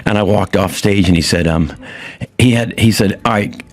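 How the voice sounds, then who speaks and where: A middle-aged man, a comedian guest, telling a story in an animated, halting way with many restarts. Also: lowish voice. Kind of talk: casual storytelling.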